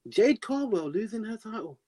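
A man co-hosting a casual podcast chat, giving emphatic, animated opinions. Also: high-pitched, moderate pace. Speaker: podcast co-host.

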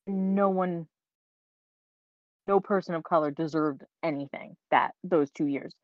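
Blunt podcast co-host, a woman with a lowish voice who laughs a lot and swears casually, on a dull lo-fi recording. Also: measured pace, pauses often, no echo. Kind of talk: casual chat.

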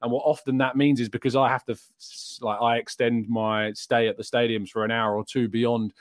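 A young man from England talks through a casual live stream, reading out chat questions and answering them in a loose, chatty way. His voice sits at a middle pitch. It is recorded close and dry, with no room sound. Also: little pitch movement, fairly quick, dry recording. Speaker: host.

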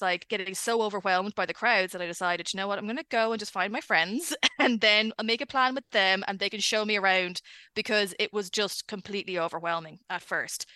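A woman's voice: medium pitch, bright, forceful tone, dry recording. Chatty Irish woman telling stories. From Ireland. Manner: chatty storyteller, laughs often. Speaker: guest, editor. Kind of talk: casual chat.

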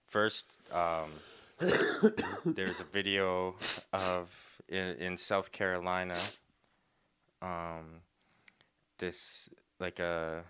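A man's voice: deep voice, noisy background. A young man co-hosting a podcast, telling stories in casual chat, rambling with many fillers and restarts. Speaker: podcast co-host.

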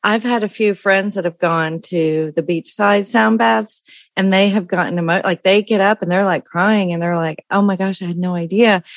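A woman's voice: medium pitch, vocal fry, no room sound. A woman in her fifties hosting a casual chat, telling stories with gushing enthusiasm. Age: 50s. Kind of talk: casual conversation.

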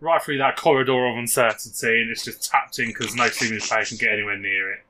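A man's voice: medium pitch, fairly even intonation, quick pace, noisy background. A man co-hosting a football podcast, chatting casually and doing joking match commentary. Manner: laddish, self-mocking. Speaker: podcast co-host.

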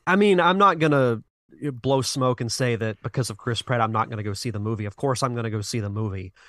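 A man of middle pitch hosts a retro gaming podcast in an earnest, rambling chat. He sighs and restarts a lot, and the sound is dry and close. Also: brisk, a bit bright, no room sound. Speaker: podcast host. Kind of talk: casual chat.

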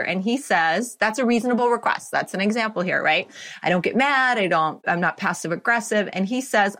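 A woman in her fifties, a life coach being interviewed, talking in an animated way with frequent laughs and "right?" checks. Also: mid-range voice, fairly quick. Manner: animated, laughs often, says "right?" a lot. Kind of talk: conversational interview.

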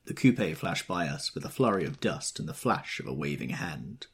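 A man reading an audiobook in scripted narration, expressive and measured. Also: rumbling low, vocal fry, breathy edge.

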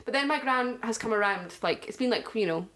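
A woman's voice: a little high, lively intonation, a little fast, a bit bright. A woman in her thirties, chatting casually as a podcast co-host and telling a story with lots of fillers. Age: 30s. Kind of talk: casual chat.

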